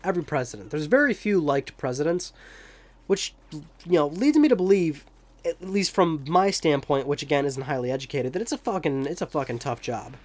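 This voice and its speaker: A man's voice: a little high, expressive, normal speed, darkish tone. A young man giving rambling, joking commentary over gameplay, with profane asides. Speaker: let's play commentator.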